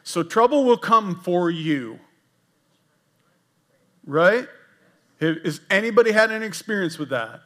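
Speaking slowly with long pauses in a high-pitched voice, an older executive pastor preaches a relaxed, conversational sermon in the church sanctuary. He's self-deprecating and jokey, animated, with frequent asides to those gathered.

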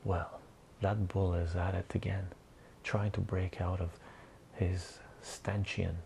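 A man reading a comic aloud in a soft, whispered ASMR style, adding his own sound effects. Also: sits low, little pitch movement, slow, creaky, a little hiss or hum.

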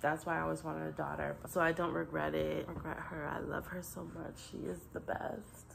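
A young woman talks casually to her vlog audience, blunt, frustrated and quick to swear. Her voice sits low with a heavy gravelly fry. A faint hiss of noise runs under the home recording. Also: flat delivery. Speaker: vlogger.

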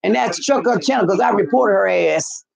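A woman's voice: mid-range voice, expressive, moderate pace, gravelly, a crowd in the background. A woman hosting a casual live stream, rambling and gossiping with lots of profanity. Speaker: channel host. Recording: muffled lo-fi recording.

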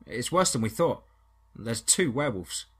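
Calm, husky backup hunter, played by a man, low and reassuring. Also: normal speed.

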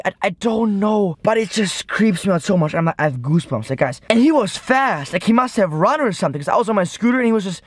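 A young man vlogging from a car at night, rambling through an excited story full of "like" and "guys". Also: sits high, no room sound. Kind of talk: excited vlog recap to camera.

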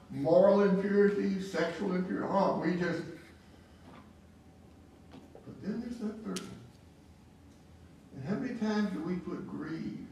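Bible class teacher, male, slightly high-pitched, restarts a lot, distant mic in a reverberant room. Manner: questioning, repeats words and restarts. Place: church classroom. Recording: echoey room from far off, faint hiss.

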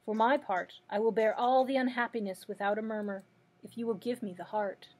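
A woman's voice: a little high, steady tone, fairly quick, a little mellow, close to an everyday voice. A woman reading aloud as an earnest tin man who asks for a heart.

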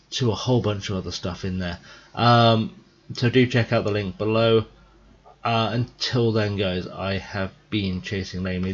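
A tired young man thinking out loud in a rambling, casual commentary as he plays a game. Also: fairly low pitch, dull audio. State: tired, yawning. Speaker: gaming video host. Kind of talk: casual let's-play commentary.

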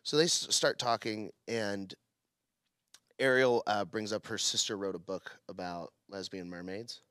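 A man's voice: lowish voice, a little slow, clean tone, no echo. A man hosting a comedy podcast, telling a story in a casual way and acting out what others said. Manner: animated storyteller, acts out quotes.

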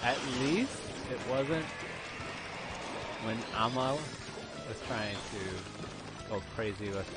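Male gamer, animated and reactive, unhurried delivery, game soundtrack under the voice. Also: mid-range voice. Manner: excitable, laughing, reacting loudly to the game. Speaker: gamer streaming online matches with friends. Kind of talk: casual gameplay chatter. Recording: game music playing behind. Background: game music.

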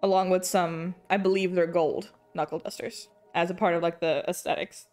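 A woman's voice: fairly low pitch, steady tone, moderate pace, darkish tone, faint music behind. A young woman with an English accent chatting casually on an art stream as she draws, rambling, restarting her sentences, laughing often and swearing now and then. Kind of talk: casual chat while drawing.

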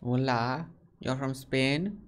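A man's voice: mid-range voice, slow, smooth. A man from India hosting casual video chats with strangers and asking lots of short, curious questions over a video call. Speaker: host.

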